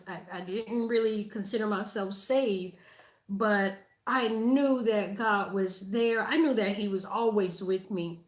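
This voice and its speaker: A woman in her forties, a host, telling a personal testimony in an emotional, halting way, close to tears. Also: medium pitch, roomy sound, low-quality recording. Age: 40s.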